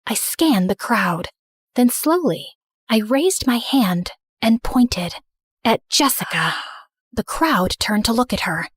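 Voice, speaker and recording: A woman's voice: a little high, lively intonation, takes it slowly, breathy edge, dry recording, clean studio sound. A young woman narrating a dramatic story in the first person, earnest and emotional.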